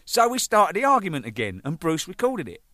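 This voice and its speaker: Lively, animated man telling stories. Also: on the high side, fairly quick, no room sound. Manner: animated, swears freely, laughs mid-story. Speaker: rock drummer telling band stories. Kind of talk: casual anecdotal storytelling.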